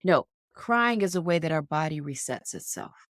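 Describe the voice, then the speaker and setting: A woman's voice: low-pitched, animated, moderate pace, no room sound, clean studio sound. A woman co-hosting a sports podcast, talking in an earnest, encouraging, coach-like way. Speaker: podcast co-host. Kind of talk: casual podcast chat. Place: indoors, podcast recording.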